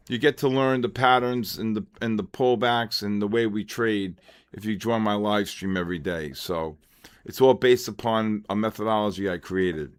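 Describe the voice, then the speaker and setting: Older man, rambling live trading talk, low voice, greets viewers by name. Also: clear, resonant tone. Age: 60s. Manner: rambling, chatty, talks to chat viewers by name. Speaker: trading livestream host. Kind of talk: casual live trading commentary.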